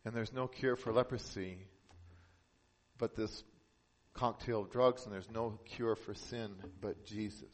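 A man preaching a sermon as pastor, earnest, lifting his voice for emphasis and dropping soft and slow on key points. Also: fairly low pitch, steady tone.

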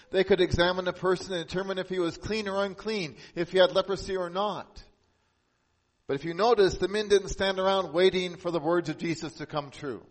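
This man preaches as a pastor with a voice that sits on the high side. He's earnest, lifting his tone to stress ideas and easing into a quiet, slow delivery when a point matters most.

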